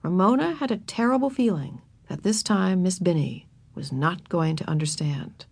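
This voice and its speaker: A woman narrating a children's storybook in an expressive, animated reading. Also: fairly low pitch, normal speed, vocal fry, few pauses, husky, dry recording.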